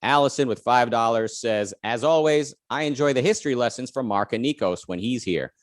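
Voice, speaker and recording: A man's voice: mid-range voice, fairly quick, no echo, studio quality. An American man co-hosting a talk show, chatting casually with many fillers and restarts and reading out viewer comments. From United States. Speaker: podcast co-host.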